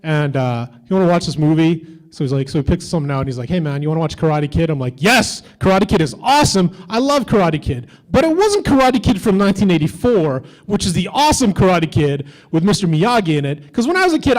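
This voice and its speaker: A man's voice: sits high, animated, quick pace, few pauses, a little mellow, poor audio. A man doing a stand-up comedy set on a convention stage, with edgy, teasing banter toward the crowd.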